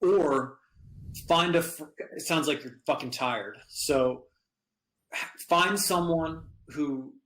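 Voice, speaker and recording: A man's voice: a little high, slow, fairly bright tone. Man, therapist, earnest direct advice, roomy echoey sound. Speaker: therapist guest. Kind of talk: casual podcast talk.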